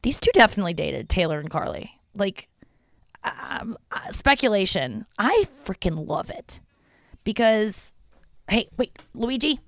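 A young woman chats through her solo podcast from a porch at home, drifting from one thought to the next and swearing without a second thought. Her voice sits at an ordinary middle pitch. The sound is dry and close. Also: very animated, a little slow, dry recording. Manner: chatty, rambling, swears freely. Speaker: podcast host. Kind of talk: casual solo podcast chat.

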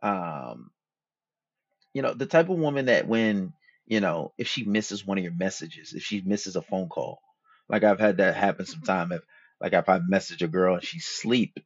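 A podcast host with a low voice talks at a moderate pace, giving dating advice in a loose, slangy, profane casual monologue. The recording is dry, dull and lo-fi.

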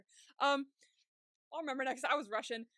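A woman's voice: high voice, steady tone, fast talker, bright, forceful tone, no room sound, clean studio sound. A young woman co-hosting a podcast in casual chat, laughing often and acting out her own reactions. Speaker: podcast co-host.

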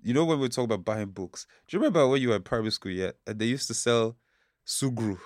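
A man's voice: mid-range voice, lively intonation, fast, no echo, studio quality. A young man co-hosting a podcast, talking in casual, slangy, laughing banter. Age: young adult. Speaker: podcast co-host. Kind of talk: casual chat.

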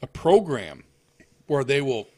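A man's voice: mid-range voice, very animated, slow, a little mellow. Rambling casual podcast co-host, a man. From Indiana, US. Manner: rambling, repeats himself with lots of "like". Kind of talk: casual chat.

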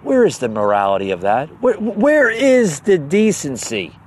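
Podcast host, man, higher-pitched voice, heated sarcastic rant, stammery. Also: huge pitch swings, unhurried. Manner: agitated, repeats words and stammers, sarcastic.

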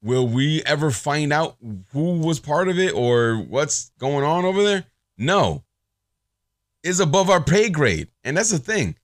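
A man hosts his own show and rants on his own in a sarcastic, profane way. His pitch swings widely, and he talks at a slow, drawn-out pace. The room sounds dry and close. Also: sing-song, no room sound. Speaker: podcast host. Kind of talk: casual ranting monologue.

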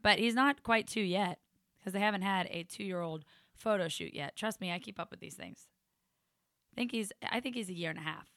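A woman co-hosting a comedy podcast in casual chat, teasing and cracking deadpan jokes. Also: mid-range voice, moderate pace, no room sound, studio quality. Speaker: podcast co-host.

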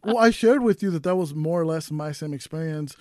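Mellow, fairly high-voiced male podcast host. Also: a little fast, no echo, studio quality. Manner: open, conversational, gives advice to listeners. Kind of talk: casual interview chat.

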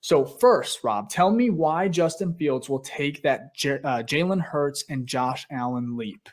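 A man's voice: a little high, unhurried. A man hosting a sports podcast, talking loosely with many fillers and setting up questions for a guest. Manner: relaxed, filler-heavy talk. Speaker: podcast host. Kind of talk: casual chat.

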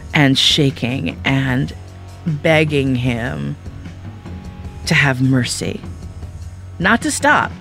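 A woman's voice: low voice, vocal fry. A woman telling a frank, candid personal story as a monologue, acting out her own thoughts in quoted asides.

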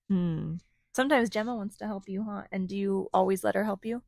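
A woman's voice: mid-range voice, brisk, creaky, a little mellow, no room sound. A woman reading a storybook aloud to her children, stopping often to ask them questions. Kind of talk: interactive read-aloud to children.

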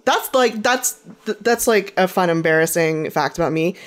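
A woman's voice: on the low side, expressive, normal speed. Woman, podcast co-host, casual chat, playful, self-deprecating. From United States West Coast.

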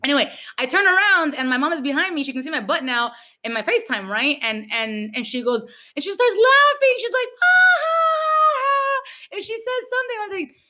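A Cuban-American woman hosting a podcast, telling stories in an animated way and mixing Spanish into her English. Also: sits high, fast, hardly any pauses. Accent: Cuban-American Miami. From Cuba, raised in Miami. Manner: animated, mixes Spanish into English, lively storytelling. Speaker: podcast host. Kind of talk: casual chat.

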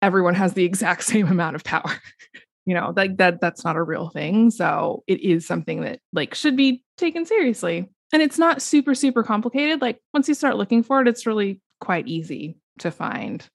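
A woman's voice: medium pitch, lively intonation, normal speed, vocal fry, dry recording, studio quality. A woman co-hosting a podcast in casual chat, frank and profane, laughing often. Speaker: podcast co-host.

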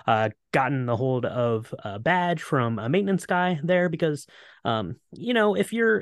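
A man co-hosting a casual podcast, recapping a film plot in a relaxed way with many ums. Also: medium pitch, no echo, clean studio sound. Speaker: podcast co-host.

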